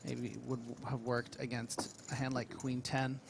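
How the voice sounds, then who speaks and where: A man's voice: medium pitch, little pitch movement, a little slow, vocal fry, noisy background. A man commentating a live poker stream, chatty and often laughing.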